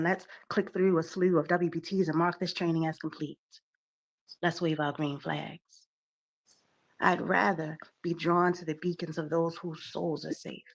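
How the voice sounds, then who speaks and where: A woman performing spoken word poetry in a measured, pointed, sardonic way. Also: fairly low pitch, creaky, a bit bright, poor audio.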